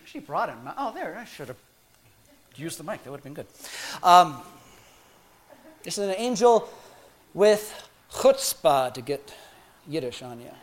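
A man preaching a sermon in an animated, playful way, full of humorous asides and quick restarts. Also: on the high side.

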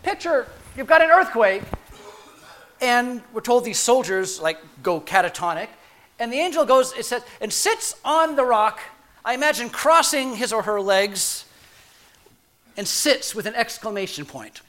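A man preaching a sermon in an animated, playful way, full of humorous asides and quick restarts. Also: very high voice.

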